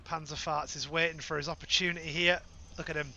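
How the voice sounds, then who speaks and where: A British man giving live play-by-play commentary on an online shooter match, playful, with joking asides and quick self-corrections. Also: a little high, flat delivery, creaky, bright, forceful tone, lo-fi sound, a little hiss or hum. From Britain. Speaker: esports caster.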